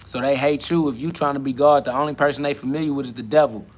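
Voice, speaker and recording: A man's voice: mid-range voice, fairly even intonation, quick pace. A man hosting a spiritual self-talk podcast, ranting in a preachy, streetwise way with lots of repetition. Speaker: podcast host.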